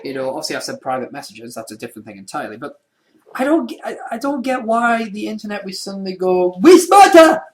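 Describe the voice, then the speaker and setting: A man's voice: high voice, lively intonation, fast talker. A young man co-hosting a casual podcast, brash, sweary and self-mocking. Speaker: co-host.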